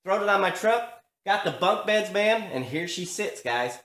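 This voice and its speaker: A man's voice: sits high, expressive, normal speed, fairly bright tone. A man vlogging in a garage, telling a story casually with lots of fillers and restarts, recorded on a camera mic. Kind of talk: casual chat.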